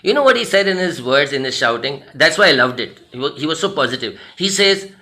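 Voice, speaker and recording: Indian English male motivational trainer, slightly high, very sharp bright tone, earnest and repetitive for emphasis. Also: very animated, a little fast, few pauses. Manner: earnest, repeats phrases for emphasis. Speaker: personality development trainer. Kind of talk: motivational storytelling talk.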